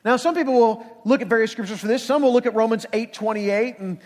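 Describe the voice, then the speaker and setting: A man's voice: very high-pitched, quick pace, darkish tone. A male pastor preaching a sermon in a church, conversational with emphatic rhetorical questions. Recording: long reverb of a church hall.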